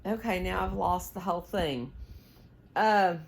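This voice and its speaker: A woman's voice: fairly high pitch, lively intonation, unhurried, pushed and bright, slight background noise. A woman hosting a casual knitting tutorial, chatty and rambling as she laughs at herself. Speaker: knitting channel host.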